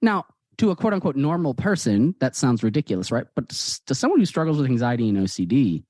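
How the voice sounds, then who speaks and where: A man, a guest author, telling personal stories in a lively conversational way and acting out the dialogue. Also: medium pitch, quick pace, no echo, studio quality. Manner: animated, acts out quoted dialogue. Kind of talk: conversational storytelling.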